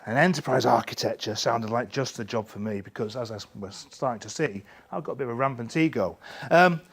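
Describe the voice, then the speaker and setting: A man with a Northern English accent giving a rambling, self-deprecating lightning talk full of fillers and restarts. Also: mid-range voice. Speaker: conference speaker.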